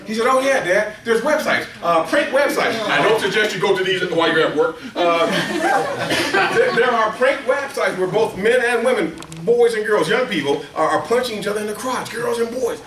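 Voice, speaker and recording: A man's voice: normal speed, hardly any pauses, recorded from a distance, crowd noise. A middle-aged man presenting a workplace training seminar to a live room, telling stories and asking the audience questions. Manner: storytelling, asks the audience questions, acts out quotes in a high excited voice. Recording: echoey room, speaker away from the mic.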